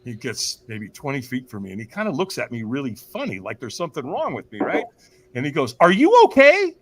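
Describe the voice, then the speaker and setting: A man's voice: very animated, brisk, slightly rough. A man telling a personal story as a podcast guest, acting out other people's lines in jumps of voice and asking the listeners rhetorical questions. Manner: acts out voices of others with big pitch jumps, laughs often; addresses listeners as "you guys", asks rhetorical questions. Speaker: podcast guest, firewalk instructor. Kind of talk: animated storytelling.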